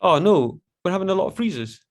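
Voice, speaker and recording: A man's voice: high voice, big pitch swings, fairly quick. A man leading an online poetry workshop over a video call, chatty and encouraging, with frequent restarts.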